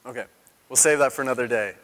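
Animated male pastor in a reverberant hall. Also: mid-range voice, fast. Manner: animated storytelling, acts out quotes with raised voice. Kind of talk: sermon.

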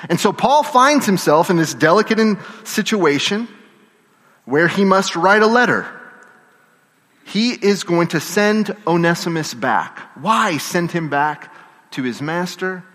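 Animated preacher in a reverberant church. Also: male voice, sits high, a little slow. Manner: animated storytelling preacher, getting the congregation to shout responses. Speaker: pastor. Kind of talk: sermon. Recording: long reverb of a church hall.

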